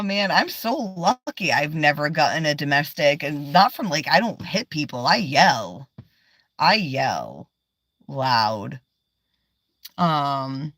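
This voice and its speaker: Slow-talking woman chatting from her car. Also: deep voice, expressive, fairly bright tone, no room sound, studio quality. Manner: chatty, swears often, laughs a lot, rambling. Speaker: livestreamer. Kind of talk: casual livestream chat.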